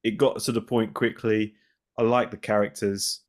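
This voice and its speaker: Upbeat podcast co-host, a man with a lowish voice, chatting casually. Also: level tone, moderate pace. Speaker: podcast co-host, story reviewer. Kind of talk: casual chat.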